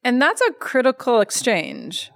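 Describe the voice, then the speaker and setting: A woman guest on an interview, an educator who tells stories in a lively, animated way with many fillers. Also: fairly high pitch, unhurried, creaky. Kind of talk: conversational interview.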